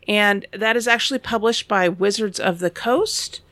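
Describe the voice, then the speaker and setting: A woman's voice: medium pitch, normal speed, a bit bright, no room sound. A woman co-hosting a board game podcast, explaining game rules in a casual, self-deprecating way. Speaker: podcast co-host.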